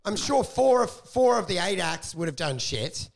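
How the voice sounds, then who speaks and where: A man's voice: sits high, normal speed, vocal fry. An out-of-breath man, ranting and swearing through casual podcast banter as a comedian co-host. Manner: animated, sweary ranting storyteller.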